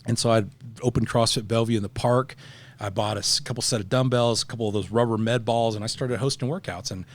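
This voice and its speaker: A middle-aged man, a podcast guest, telling stories in a casual, animated way, full of slang and acted-out voices. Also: mid-range voice, fast talker. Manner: animated, acts out voices in anecdotes; slangy, says "bro" often. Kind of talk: casual storytelling.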